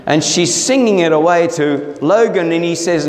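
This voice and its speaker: A man's voice: on the high side, moderate pace, few pauses. A middle-aged man with an Australian accent, preaching a sermon in a conversational, storytelling way. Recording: roomy hall with long reverb.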